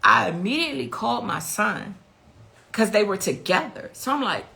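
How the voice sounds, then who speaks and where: A woman's voice: mid-range voice, lively intonation, normal speed, creaky, sharp tone. A middle-aged woman, the mother of a victim, giving an intense, emotional personal account and repeating her key phrases.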